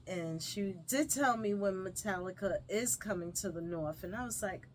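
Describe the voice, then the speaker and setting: A woman vlogger chatting through a casual story, animated and full of fillers. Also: medium pitch, moderate pace, hardly any pauses, slight background noise.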